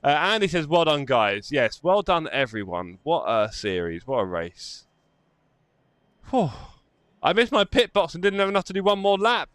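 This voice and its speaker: A man hosts a live sim racing stream from his home setup, giving race commentary, chatting, and congratulating drivers after the race. His voice is a little high and fairly bright, with big pitch swings at a normal speed. There's no room sound.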